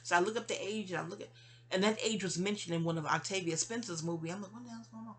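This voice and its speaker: Woman host, husky, loose rambling vent, audio-only monologue. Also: lowish voice, steady tone, quick pace, fairly bright tone. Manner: rambling, many restarts and trailing asides. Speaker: channel host. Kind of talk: casual venting monologue.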